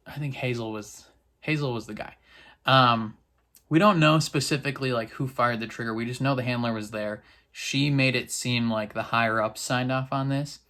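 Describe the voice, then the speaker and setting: Male reaction vlogger, mid-pitched voice, casual rambling recap, excitable and loose.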